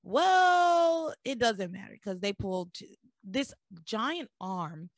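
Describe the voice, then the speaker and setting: A woman with a fairly high voice, recapping a soap in lively, sarcastic casual chat. The sound is dry and close, with no room around her. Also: slow, no echo. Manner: animated storytelling with sarcastic asides. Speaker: podcast host recapping a soap opera.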